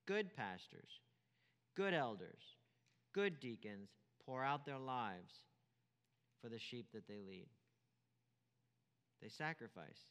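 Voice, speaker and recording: A man's voice: mid-range voice, very animated, slow pace, pauses often, fairly bright tone, clean tone, in a large hall. A man preaching a sermon as pastor, emphatic, repeating key phrases and asking rhetorical questions.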